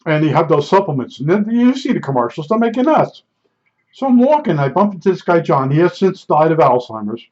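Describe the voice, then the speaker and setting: Man, 60s, mid-high voice, casual digressive storyteller, blunt and folksy; dull lo-fi audio. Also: very animated, brisk, a little mellow. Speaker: vlogger. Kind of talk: casual rambling monologue. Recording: dull lo-fi recording.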